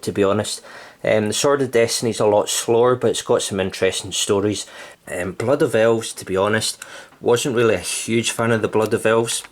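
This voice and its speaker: A young man chatting casually about his book collection, rambling with lots of ums, a little out of breath from the heat. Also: fairly low pitch. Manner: rambling, relaxed, frequent ums. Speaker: channel host. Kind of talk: casual vlog chat about his books.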